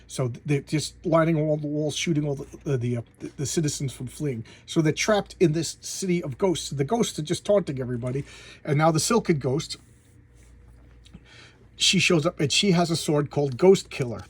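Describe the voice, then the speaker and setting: A man's voice: on the high side, normal speed, slightly rough. A man casually recapping a comic book plot, rambling with many restarts and repeated words.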